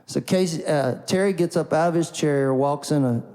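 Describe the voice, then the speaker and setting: Country songwriter, male, folksy and rambling talker with a somewhat high voice, long reverb, faint guitar underneath. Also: moderate pace, darkish tone. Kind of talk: storytelling before an acoustic song.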